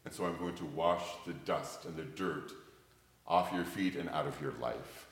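An older male pastor preaching a sermon, telling stories animatedly and swinging from loud to hushed. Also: extremely low pitch, steady tone, normal speed. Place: church sanctuary. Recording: echoey church hall.

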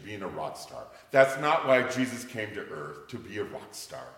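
An older male pastor preaching a sermon, telling stories animatedly and swinging from loud to hushed. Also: medium pitch. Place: church sanctuary. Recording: echoey church hall.

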